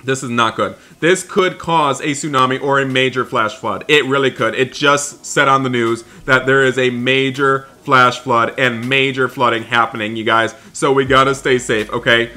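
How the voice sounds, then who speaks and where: A man narrating a game roleplay with anxious excitement, often repeating himself. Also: mid-range voice, moderate pace, few pauses.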